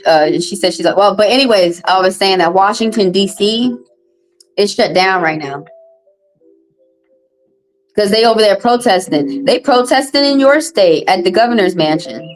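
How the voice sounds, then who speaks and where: A woman with a Southern US accent reading tarot on a live stream, chatting casually in a profane, animated way. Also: medium pitch, rough recording. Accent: Southern US, Texas. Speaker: tarot reader.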